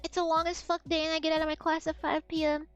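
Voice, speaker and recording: A woman streamer with a very high voice tells a meandering story in casual chat. She swears freely and slips into the other people's lines as she goes. Soft music plays quietly behind her. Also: quick pace. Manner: rambling, animated anecdote with swearing and acted-out quotes.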